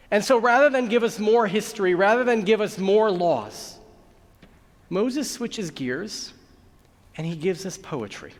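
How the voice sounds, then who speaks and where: A man who is a rabbi, giving a sermon and telling a joke as a story, acting out the voices of its characters. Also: high voice. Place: large synagogue sanctuary. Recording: long hall reverb.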